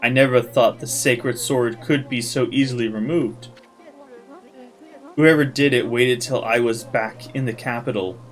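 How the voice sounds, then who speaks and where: A man's voice: mid-range voice, steady tone, unhurried, faint music behind, lightly acted. Man putting on a smug French-accented prophet. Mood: smug, theatrical. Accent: broken mock French. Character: flamboyant male wandering prophet, smug and theatrical.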